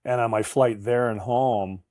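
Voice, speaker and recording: A man's voice: mid-range voice, steady tone, a little slow, mellow, no room sound, clean studio sound. A man in his fifties, a guest in an interview, telling chatty anecdotes with frequent laughs and restarts. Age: 50s. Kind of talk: casual interview storytelling.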